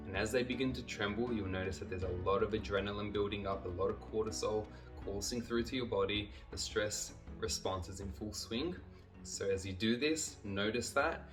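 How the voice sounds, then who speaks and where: A lower-voiced man leads a body-calming exercise in a calm, steady instructional tone. His voice sits a little back from the mic. Clear guitar music plays underneath. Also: distant mic. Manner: calm, steady, talks viewers through each step. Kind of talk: guided exercise instruction to camera.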